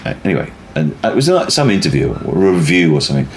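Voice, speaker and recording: A middle-aged man in casual conversation, telling stories in a rambling, self-interrupting, animated way. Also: a bass voice, rapid-fire, faint music behind. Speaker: guest, performer.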